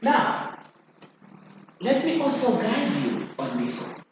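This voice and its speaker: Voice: mid-range voice, sing-song, slow pace. A teacher giving a grammar lesson, repeating key phrases for emphasis and checking in with the students. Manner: addresses students directly with checking questions. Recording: very echoey room, faint noise.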